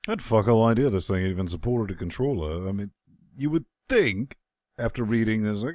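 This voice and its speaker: A man's voice: lowish voice, expressive, fairly quick, darkish tone, no room sound, clean studio sound. A man co-hosting a game review podcast, sardonic and profane, with mock-grumpy asides. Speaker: podcast co-host reviewing games. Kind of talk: casual chat.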